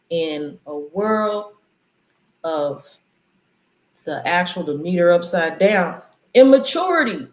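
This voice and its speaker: Woman, AAVE, casual spiritual commentary, mid pitch, roomy echo. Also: lively intonation, measured pace, a little mellow. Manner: loose, conversational, preachy riffs. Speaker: channel host. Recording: echoey room.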